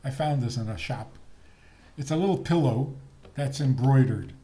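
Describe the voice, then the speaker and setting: An older man, a rabbi, giving a talk on faith and marriage in a teasing, deliberate manner. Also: medium pitch. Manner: lively, teasing, slow deliberate delivery with laughs.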